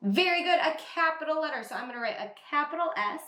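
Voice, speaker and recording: A woman teacher giving an online reading lesson to young children, sounding out words slowly and praising the class. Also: high-pitched, pushed and bright, echoey room. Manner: slow, exaggerated sounding out of words. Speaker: kindergarten teacher.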